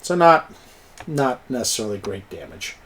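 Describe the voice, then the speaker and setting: A man's voice: medium pitch, very animated, moderate pace, fairly bright tone. A man narrating a tabletop game as game master, chuckling and cheering on the players' rolls. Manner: chuckling, encouraging, plays up dice rolls.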